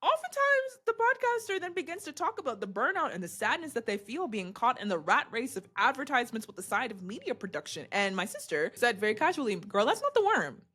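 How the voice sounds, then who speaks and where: Animated woman talking to camera. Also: fast, few pauses, slightly rough. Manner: animated, laughs often, swoops in pitch. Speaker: podcaster and video host. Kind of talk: casual motivational talk to camera.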